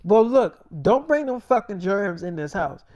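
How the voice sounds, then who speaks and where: A man's voice: high-pitched, animated, unhurried, a little mellow, dry recording, studio quality. A man voicing a jealous girlfriend who bosses him around and swears about catching germs. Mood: bossy. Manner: demanding, profane. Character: jealous young girlfriend, bossy and foul-mouthed.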